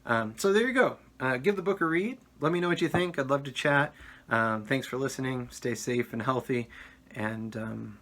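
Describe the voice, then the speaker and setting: Male author, casual vlog delivery, mid-range pitch, loose and rambling, lots of ums. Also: normal speed, fairly bright tone. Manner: rambling with frequent ums and uhs. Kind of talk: casual talk to camera.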